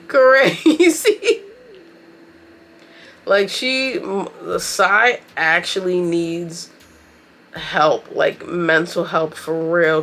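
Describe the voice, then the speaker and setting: Bright-voiced woman, chatty and slangy. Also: fairly low pitch. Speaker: beauty and anime vlogger. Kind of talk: casual recap commentary while doing makeup.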